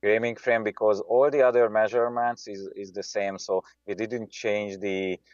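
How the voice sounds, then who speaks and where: Low-voiced man, halting English. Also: level tone, a little mellow, dry recording, lo-fi sound. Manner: halting, many filler sounds, searches for English words. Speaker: company CEO. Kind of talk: casual video-call interview.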